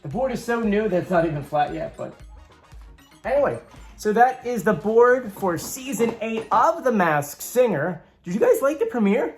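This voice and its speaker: A man's voice: high-pitched, big pitch swings, moderate pace, soft background music. A man hosting his own channel, walking viewers through a homemade game board in a chatty, upbeat way, with rambling asides. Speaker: YouTube host. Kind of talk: casual show-and-tell walkthrough.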